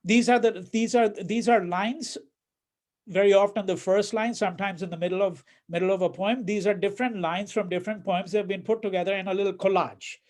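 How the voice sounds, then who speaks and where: A man with a high-pitched, steady, slightly mellow voice lectures a little fast at a university. He keeps it conversational, repeats words, checks in with "right?", and reads quoted verses in a mocking voice.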